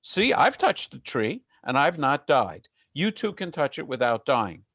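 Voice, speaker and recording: A man's voice: mid-range voice, big pitch swings, unhurried, fairly bright tone, no room sound, heavily acted. A man reading as a sly persuasive serpent. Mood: coaxing. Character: scheming male serpent tempter.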